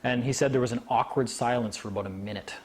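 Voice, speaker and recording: Animated man telling a story to an audience. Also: mid-range voice, quick pace. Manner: animated, acts out quoted voices.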